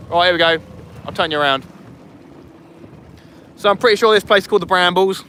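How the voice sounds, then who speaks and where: Out at sea on a small inflatable boat, a young fishing vlogger chats casually with his live audience, joking and bantering between fishing plans. His fairly high voice is fairly quick with frequent pauses, while loud wind and engine noise wash over the camera mic.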